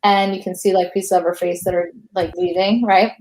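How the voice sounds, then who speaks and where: A woman's voice: fairly low pitch, level tone, moderate pace, a little mellow. A woman poet and professor chatting casually as a guest in an interview, using slang and lots of fillers.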